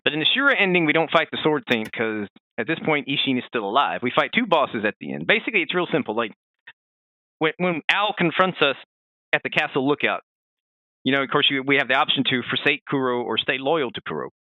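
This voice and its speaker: A man co-hosting a casual podcast, chatting in an animated way with many fillers and restarts. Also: mid-range voice, a little fast, dry recording, phone-quality sound. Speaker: podcast co-host.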